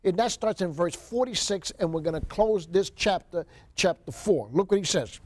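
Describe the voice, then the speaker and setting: A man's voice: high voice, normal speed. A man giving a seminary Bible lecture, reading scripture aloud and stressing key words with repeated rhetorical questions to the class.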